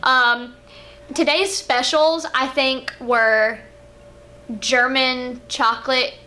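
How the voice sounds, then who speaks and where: Bright high-voiced young woman chatting. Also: drawn-out words. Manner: animated, chatty, with fillers and giggles. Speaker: vlog co-host. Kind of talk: casual storytelling chat. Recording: faint background noise.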